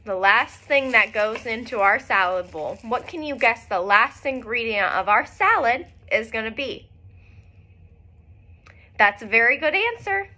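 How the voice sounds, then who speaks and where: A woman teacher leading a recorded phonics lesson for young children, speaking clearly and encouragingly with frequent praise. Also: a little high, expressive, a little slow, pushed and bright.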